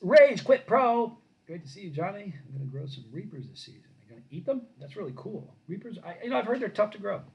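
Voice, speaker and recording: Animated man chatting on a live stream. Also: high voice, rapid-fire, vocal fry, hardly any pauses, highs cut off. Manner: animated storyteller, rising loud when excited. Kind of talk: casual live-stream chat reading comments.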